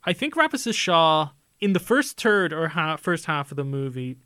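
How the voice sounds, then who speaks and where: A man's voice: a little high, sing-song, normal speed, pushed and bright, no room sound, studio quality. A young adult man co-hosting a podcast, talking through a film in a casual, analytical way with many filler phrases. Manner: chatty, analytical, many "you know" fillers. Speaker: podcast co-host.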